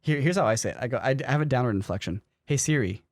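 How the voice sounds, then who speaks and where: A young man co-hosting a podcast, chatting casually and explaining things with quick examples. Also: mid-range voice, animated, no echo, studio quality. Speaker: podcast co-host. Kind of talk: casual chat. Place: podcast studio.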